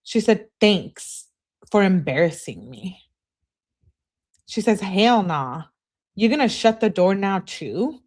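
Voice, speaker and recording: A woman's voice: medium pitch, very animated, slow, pauses often, darkish tone. A woman hosting a live stream, reading text messages aloud and greeting her viewers between them. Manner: reads texts with "she says" tags, chats with viewers. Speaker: livestream host reading case texts.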